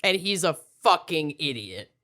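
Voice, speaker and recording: A woman, co-hosting a podcast in an animated, laughing, self-mocking way. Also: sits low, measured pace. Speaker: podcast co-host. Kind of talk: casual chat.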